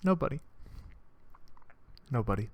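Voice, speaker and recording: A man's voice: mid-range voice, expressive, measured pace. A man hosting a podcast, delivering a rambling, profane comedic monologue in which he acts out scenes. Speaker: podcast host.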